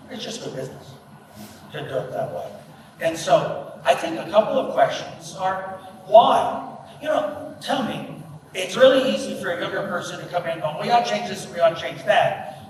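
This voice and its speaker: At a business breakfast in a large event hall, a middle-aged man with a high, lively voice gives a humorous keynote at normal speed, telling stories and acting out the voices of the people in them. The recording comes from far off, echoey and noisy.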